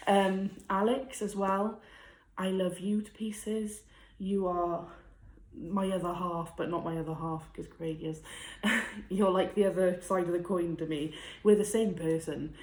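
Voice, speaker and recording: A young woman, speaking heartfelt and a little tearful in a personal vlog, laughing softly between thoughts. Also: on the low side. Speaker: vlogger. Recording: echoey room.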